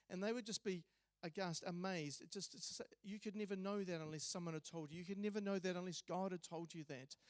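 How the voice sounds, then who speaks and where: A man delivers a memorial eulogy in a church, telling stories conversationally with small hesitations. His voice sits high for a man. The recording is dry and close, with little room sound. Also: no room sound. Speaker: eulogy speaker.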